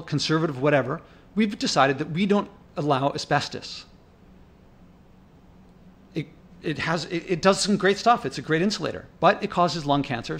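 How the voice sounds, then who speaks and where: Male vlogger, slightly high voice, indignant off-the-cuff commentary, rambling with restarts. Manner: thinking aloud, with restarts. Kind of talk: casual narrated commentary over park footage.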